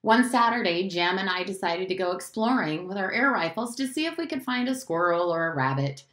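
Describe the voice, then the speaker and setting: Teacher lady reading a novel out loud, really expressive, echoey room. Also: medium pitch, a little fast. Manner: expressive storytelling.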